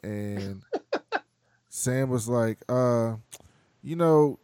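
A man hosting a casual podcast, recapping scenes and acting out the characters' lines in quick voices, laughing often. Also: mid-range voice, lively intonation, dark tone, smooth, dry recording, clean studio sound. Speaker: podcast host recapping a TV show. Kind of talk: casual chat.

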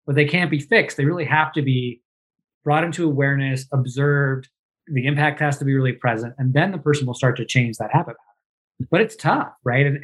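A man who is a coach talking casually, animated and acting out example lines as he explains. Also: a little high. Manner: animated, acts out example lines in lively voices. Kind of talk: conversational talk about coaching.

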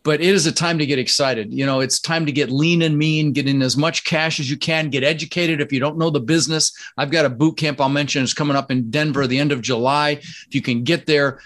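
A man from the Netherlands, a podcast guest, talking in a casual interview with energetic, emphatic delivery. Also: a little fast. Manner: energetic, emphatic, jumps up in pitch when excited. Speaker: podcast guest, real estate investor.

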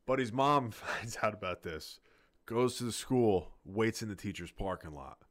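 Lower-pitched man telling stories, profane. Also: moderate pace. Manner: rambling, profane, animated storyteller. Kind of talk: casual storytelling chat.

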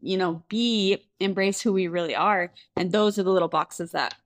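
A woman's voice: mid-range voice, fairly even intonation, moderate pace. A woman co-hosting a parenting podcast, speaking in a reflective, supportive way. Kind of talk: casual parenting podcast chat.

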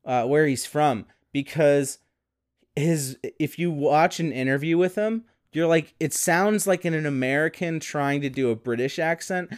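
A man's voice: fairly high pitch, clean tone, no room sound, clean studio sound. A man co-hosting a podcast in casual chat, rambling with fillers and laughing often. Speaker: podcast co-host.

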